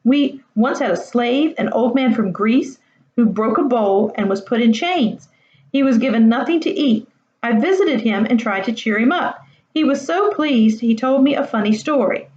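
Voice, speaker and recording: A woman's voice: a little high, animated, moderate pace, a little mellow, close to an everyday voice. A woman reading as an eager Roman schoolboy. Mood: chatty. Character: excited Roman schoolboy, chatty storyteller. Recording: roomy, dull lo-fi home recording.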